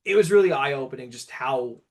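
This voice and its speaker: A man's voice: mid-range voice, lively intonation, a little fast. A man from the United States, a guitarist in a guest band, chatting casually in an interview and acting out quotes in a raised voice as he tells stories.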